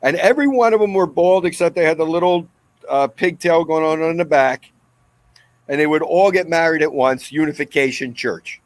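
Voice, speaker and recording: A man, the guest, telling a comic story in an animated, excitable way. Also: fairly high pitch, moderate pace, no echo. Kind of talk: comedic storytelling.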